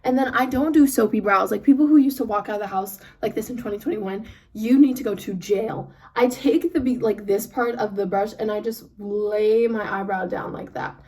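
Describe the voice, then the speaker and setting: A young woman chatting as she does her makeup for a vlog, talking fast and rambling with lots of fillers, recorded on a phone. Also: medium pitch, mellow. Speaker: beauty vlogger. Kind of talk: get-ready-with-me chat. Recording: phone mic from a distance, some noise.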